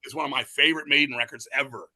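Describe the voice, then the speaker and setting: A man being interviewed, telling stories in a rambling, excitable, profane way, restarting his sentences often. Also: mid-range voice, very fast. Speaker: interview guest, metal musician. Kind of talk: casual storytelling chat.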